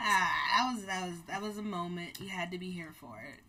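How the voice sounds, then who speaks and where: A woman's voice: lowish voice, a little fast, sharp tone. A woman co-hosting with a put-on British accent, giggly and stubbornly contrary in casual banter. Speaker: co-host.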